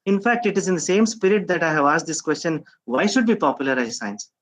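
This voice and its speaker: Guy giving a talk, kinda high voice, lots of uh and um, asks himself questions. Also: lively intonation, brisk, fairly bright tone, poor audio. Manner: reflective, rhetorical questions, frequent hesitations. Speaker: speaker at a science outreach event. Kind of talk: conference talk.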